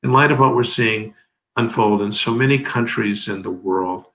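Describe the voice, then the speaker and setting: A man's voice: fairly low pitch, moderate pace, a bit bright, a little hiss or hum, poor audio. A man in his seventies giving emphatic, oratorical legal commentary as an interview guest, leaning on rhetorical questions. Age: 70s.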